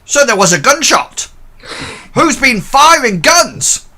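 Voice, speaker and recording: A man voicing a gruff, flustered male porter in his late fifties. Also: extremely high pitch, sing-song, slow pace, bright, forceful tone, pitched above the performer's own voice, exaggerated voice.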